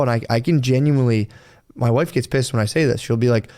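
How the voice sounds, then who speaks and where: At a quick pace, a man with a warm, medium-pitched voice co-hosts a casual podcast. He talks rambling through his own experiences, peppering them with swearing and quoting himself in other voices.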